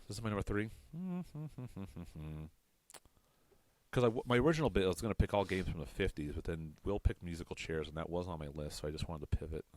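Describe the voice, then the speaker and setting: A man's voice: low-pitched, dry recording. A man hosting a comedy podcast, telling a rambling, self-mocking story in casual chat. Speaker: podcast host.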